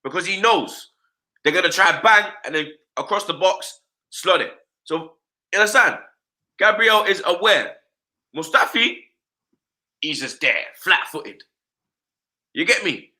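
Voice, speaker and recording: A man rants about football on a live stream, his voice very bright and ringing, pitched a bit high. He fills every thought with street slang and keeps asking "you understand?". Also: unhurried, pauses often. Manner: animated slangy rant, repeats "blood" and "you understand". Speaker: football fan pundit.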